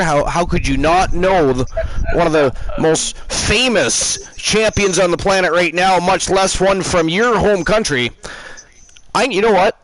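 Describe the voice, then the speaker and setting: A man's voice: fairly high pitch, fairly bright tone, low-quality recording. Teasing, rambling male stream host. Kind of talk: live stream banter.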